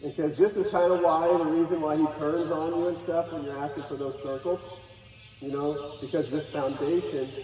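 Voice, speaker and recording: A man teaching a live horse-training clinic, talking in a calm, coaxing way to both the horse and the watching group. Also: fairly high pitch, moderate pace. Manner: calm, coaxing, talks to horse and audience in turns. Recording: distant, echoey, dull outdoor recording.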